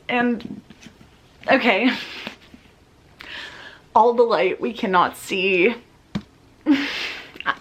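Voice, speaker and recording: A young woman vlogs about books in a loose, chatty way, leaning in close to her camera as if sharing gossip. She takes her time, drawling through her words and piling up fillers. Her pitch sits in a middle range for a woman. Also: drawn-out words, pauses often, a little hiss or hum. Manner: chatty, filler-heavy, animated storytelling. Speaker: book vlogger. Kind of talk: casual vlog chat. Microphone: camera mic, talking close to camera.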